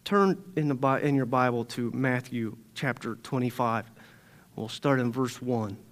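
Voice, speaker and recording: A man preaching a sermon, reading scripture and then building from quiet, grave emphasis to loud, impassioned points. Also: medium pitch, unhurried. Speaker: pastor.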